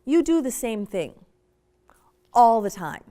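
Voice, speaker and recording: A woman's voice: a little high, slow pace. A woman giving a conversational parenting workshop talk to an audience, often acting out examples. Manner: animated, conversational, acts out examples. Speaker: workshop speaker.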